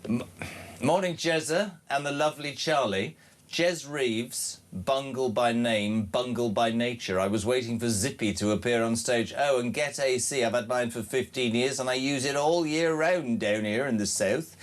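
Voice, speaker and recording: A man hosting a breakfast radio show, reading out listener texts with cheeky, mocking banter. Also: mid-range voice. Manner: cheeky, quick-witted, mocking asides.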